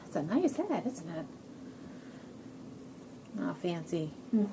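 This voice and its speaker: A woman reading a children's picture book at bedtime, squeaking high voices for the animals and adding chatty asides to the kids. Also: sing-song, slow pace, gravelly, background noise. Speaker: children's story reader.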